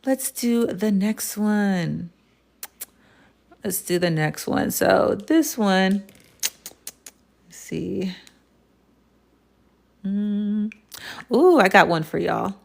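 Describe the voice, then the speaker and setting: A woman's voice: mid-range voice, drawn-out words, gravelly, pauses often, a little mellow. An American woman teaching a live online Spanish lesson, casually quizzing her viewers and encouraging them.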